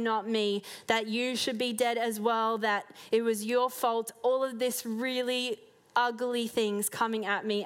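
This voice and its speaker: A woman giving a heartfelt personal faith testimony to a church gathering, earnest and sincere, with soft laughs now and then. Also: on the high side.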